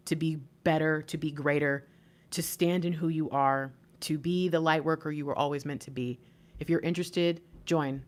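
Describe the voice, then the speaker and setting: A woman giving a spiritual reading and talking on her channel as an intuitive life coach, preaching emphatically with casual slang. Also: sits low.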